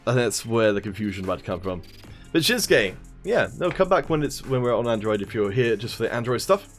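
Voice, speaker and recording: A man's voice: medium pitch, big pitch swings, a little fast. Joking male stream caster over faint music. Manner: joking, self-mocking, greets chat by name. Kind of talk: casual stream commentary.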